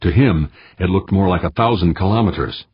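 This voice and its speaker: A man reading an audiobook in a measured, steady manner. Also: low-pitched, husky, no room sound, highs cut off. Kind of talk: audiobook narration.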